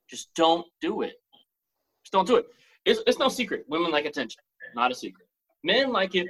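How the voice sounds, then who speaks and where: Man co-host, husky and slightly high voice, firm lecturing delivery. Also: fairly bright tone, poor audio. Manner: assertive, lecturing. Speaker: podcast co-host. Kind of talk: casual dating talk.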